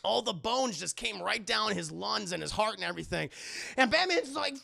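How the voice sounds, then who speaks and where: A man streaming a casual, animated and profane movie recap while talking to his chat. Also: sits high, a little fast, creaky.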